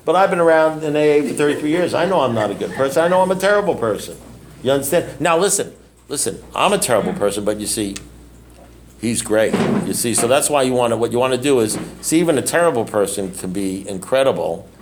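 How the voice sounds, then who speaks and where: A man's voice: medium pitch, lively intonation, fast talker, slight background noise. A blunt, self-mocking middle-aged man speaking casually at a recovery meeting, rambling and often asking "you know what I mean?".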